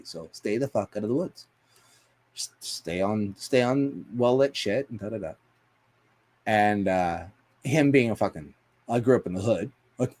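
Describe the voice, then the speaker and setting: A man hosting a casual livestream, telling rambling stories full of swearing and fillers and answering viewer comments. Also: medium pitch. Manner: profane, rambling storytelling with frequent fillers and laughs. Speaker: livestream host.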